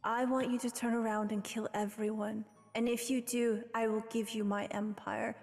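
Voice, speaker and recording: A woman's voice: on the high side, flat delivery, moderate pace, darkish tone, big-room sound, faint music behind, close to an everyday voice. A woman voicing a proud gorgon queen, reduced to a severed head, who speaks in a solemn, commanding way.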